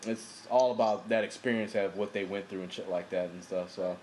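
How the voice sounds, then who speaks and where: A man chatting casually about movies, swearing a lot, laughing often and acting out scenes in quick put-on voices. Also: low voice, steady tone, darkish tone, slight background noise. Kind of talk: casual profane movie chat.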